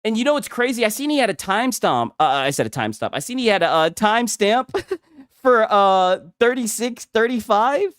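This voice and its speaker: A man's voice: high-pitched, big pitch swings, a little fast, a bit bright, clean tone, no room sound, studio quality. A man streaming a casual, profane reaction to another creator's video, mocking it, laughing often and reading chat aloud.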